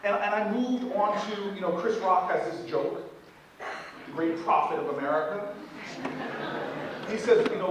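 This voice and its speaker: Animated man speaking in an echoey hall. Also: sits high, measured pace, pauses often, recorded from a distance, noisy background. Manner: animated, joking with the audience. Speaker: keynote speaker at a leadership event. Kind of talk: motivational speech. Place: large event hall.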